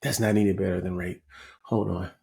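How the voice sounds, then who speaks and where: A man's voice: sits low, a little fast, creaky. A man in his forties co-hosting a podcast, telling stories in casual chat and laughing often. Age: 40s. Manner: animated storyteller, laughs often. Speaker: podcast co-host.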